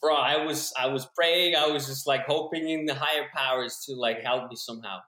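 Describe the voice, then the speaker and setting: A man's voice: medium pitch, fairly even intonation, a little fast, bright, forceful tone. A young man casually telling a story on a podcast, swearing freely and calling everyone "bro" and "dude". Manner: profane, laid-back, peppers speech with "bro" and "dude". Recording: roomy echoey room.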